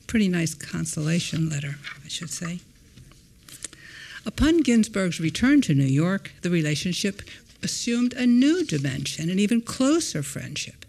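Woman historian, lecture reading in a hall, expressive emphasis, brief asides to the audience. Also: normal speed, gravelly. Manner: expressive reading with wide swings in pitch and loudness; adds brief spoken asides between readings. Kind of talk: reading a prepared lecture aloud.

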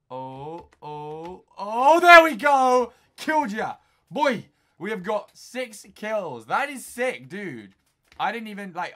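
Young guy from england yelling and joking through a browser game, fairly high voice. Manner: jokey, talks to himself, sudden loud shouts. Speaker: gaming YouTuber. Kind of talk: excitable gameplay commentary.

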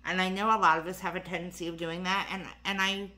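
A woman's voice: fairly low pitch, flat delivery, fast talker, sharp tone, a little hiss or hum. A tired, slightly breathless woman chatting casually through a makeup tutorial, rambling with lots of fillers and asides. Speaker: beauty vlogger.

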